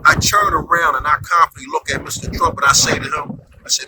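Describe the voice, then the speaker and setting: Speaking quickly in a fairly high voice, the male comedian works through an animated, conversational storytelling bit full of "right?" asides. Heavy background noise fills the recording.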